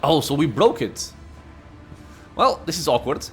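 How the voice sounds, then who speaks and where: A man's voice: on the high side, sing-song, measured pace, a bit bright, soft background music, full character voice. A man reading aloud the lines of a troubled, defiant woman psyker from a video game, in a slightly raised voice. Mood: wry. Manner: reads dialogue aloud in a slightly raised, lightly acted voice.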